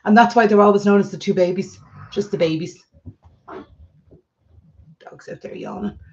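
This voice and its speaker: A woman's voice: mid-range voice, normal speed, a little hiss or hum. An Irish woman in her forties telling family stories in a casual, chatty vlog. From Ireland. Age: 40s. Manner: chatty storytelling, lively retelling. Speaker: vlogger. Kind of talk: casual chat. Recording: slightly dull lo-fi sound.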